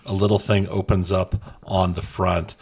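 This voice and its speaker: A man co-hosting a gaming podcast in casual chat, joking dryly and pitching absurd ideas with a straight face. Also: level tone, measured pace, vocal fry, a little mellow, breathy edge. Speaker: podcast co-host.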